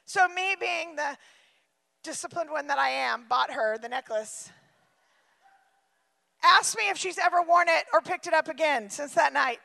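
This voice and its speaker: A woman pastor preaching with emphatic repetition and lively asides. Her voice is very high and bright, with a gravelly fry in it. The long reverb of a large hall hangs on every phrase. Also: measured pace, long pauses. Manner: emphatic, repeats phrases for effect; shifts into lively acted-out quotes and asides. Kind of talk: sermon.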